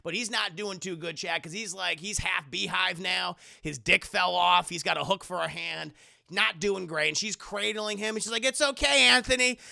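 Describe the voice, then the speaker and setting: A man recapping a film live for his stream chat, profane, joking and animated. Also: high voice, moderate pace, gravelly.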